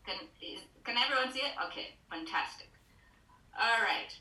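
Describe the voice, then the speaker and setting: An earnest woman Bible teacher preaches over a video call, putting direct questions to her listeners. Her voice is bright and a little high. The sound is roomy and caught from some distance from the mic. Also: expressive, normal speed. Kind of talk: online sermon.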